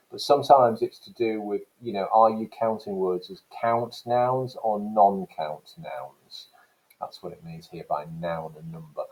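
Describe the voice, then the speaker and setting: A man's voice: fairly low pitch, a little mellow, rough recording. A British English-speaking male teacher giving a recorded lecture, stressing key words and demonstrating pronunciation as he explains.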